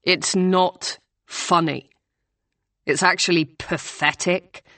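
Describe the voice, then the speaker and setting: A woman's voice: lowish voice, steady tone, slow, fairly bright tone, no room sound. A woman narrator voicing a furious, scornful young woman student in an audiobook. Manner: scornful, emphatic.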